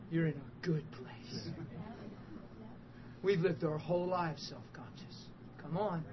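A man preaching a sermon at a church service, telling a story with emphatic, animated delivery that swells into loud outbursts and breaks into chuckles. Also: fairly high pitch. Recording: muffled with faint background hiss.

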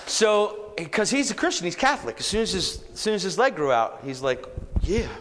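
A man preaching and telling a testimony story, growing animated and shouting at times. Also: sits high, brisk, in a large hall, noisy background. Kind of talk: storytelling sermon.

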